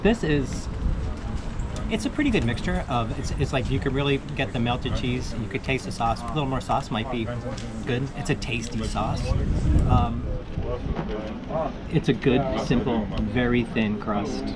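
Amid a loud crowd and city noise, a New Yorker reviews food at a pizza place, talking at a moderate pace with frequent pauses. His mid-range voice stays chatty and rambling, packed with fillers.

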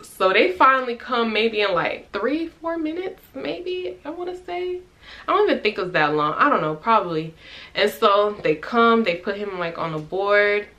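A young woman vlogger telling a personal story in a chatty, animated way, with restarts and quoted dialogue. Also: mid-range voice, normal speed, lo-fi sound. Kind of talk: casual storytelling vlog.

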